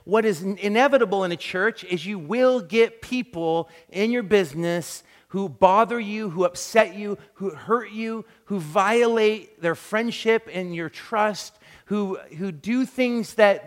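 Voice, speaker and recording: A man preaching a sermon, telling animated, self-deprecating stories and acting out quick quotes. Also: sits high. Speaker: pastor. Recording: long reverb of a large hall.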